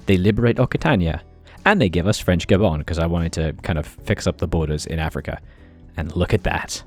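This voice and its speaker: A man's voice: deep voice, darkish tone. A man commenting on his strategy game playthrough with wry jokes and exasperated asides. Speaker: gaming commentator. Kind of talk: let's play commentary.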